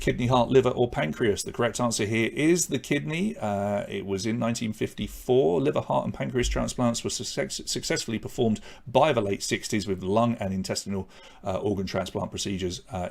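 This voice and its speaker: A man hosts an online pub quiz in a chatty, easygoing way. He reads out questions, answers and leaderboard placings, and pokes fun at his own slips as he goes. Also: medium pitch. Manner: chatty, self-deprecating, reads scores and answers aloud. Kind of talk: live quiz hosting and leaderboard commentary.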